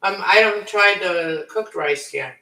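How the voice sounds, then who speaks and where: Here a man who runs a cooking vlog talks to his live chat while making food in his home kitchen, in a rambling, chatty, self-correcting way. His high voice sounds pushed and bright, and he keeps a measured pace. A distant camera mic away from the stove picks up kitchen echo and faint noise.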